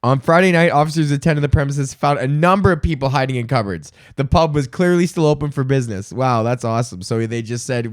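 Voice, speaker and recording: A man's voice: mid-range voice, fairly quick, few pauses, dry recording, clean studio sound. A man in his twenties hosting a comedy podcast, ranting profanely and rambling as he laughs at his own jokes. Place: room at home, on camera.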